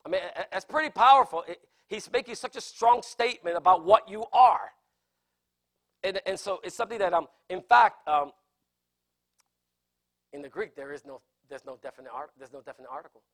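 A man's voice: high voice, lively intonation, a little fast, a bit bright. A man preaching a sermon, earnestly explaining scripture and repeating phrases for emphasis. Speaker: pastor. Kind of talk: sermon teaching.

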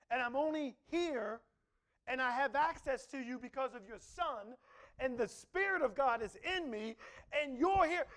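This is a man preaching with a strikingly high-pitched voice. His delivery is animated, moving from hushed, almost whispered passages to loud, emphatic declarations. He acts out snippets of inner dialogue as he goes. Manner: animated preaching, swings from soft murmurs to loud emphatic lines. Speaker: pastor. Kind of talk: sermon.

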